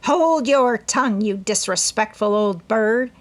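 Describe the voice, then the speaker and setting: A woman voicing a sharp, gruff old aunt who scolds in a storybook. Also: medium pitch, a little slow. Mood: scolding.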